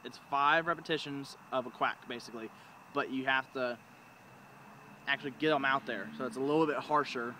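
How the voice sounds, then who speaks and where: A man's voice: mid-range voice, fairly even intonation, a little fast, pushed and bright. Casual man teaching outdoors, traffic behind. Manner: rambling, informal, demonstrates calls with sounds. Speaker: duck calling instructor. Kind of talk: casual how-to video.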